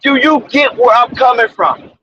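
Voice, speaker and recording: A man's voice: very high voice, moderate pace, pushed and bright, breathy edge. A man hosting his own sports commentary channel, talking in an emphatic, preachy and repetitive way with street slang, on a dull lo-fi recording. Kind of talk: off-the-cuff sports commentary monologue.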